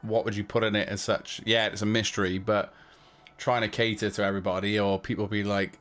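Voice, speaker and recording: A man's voice: on the low side, flat delivery, a little fast, fairly bright tone. A man hosting a giveaway livestream, chatting casually to his viewers in a loose, rambling way full of fillers and restarts.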